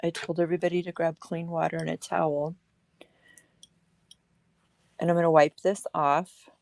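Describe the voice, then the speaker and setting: A woman's voice: low-pitched, little pitch movement, moderate pace, gravelly, a little mellow, no echo. A woman hosting a casual livestream craft demo at her table, chatty and laughing at herself.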